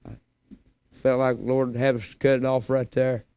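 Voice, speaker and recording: A man preaching a sermon in a folksy way, swinging from low murmurs to high, loud cries. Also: little pitch movement, normal speed, clean tone, no echo. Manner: folksy, colloquial phrasing.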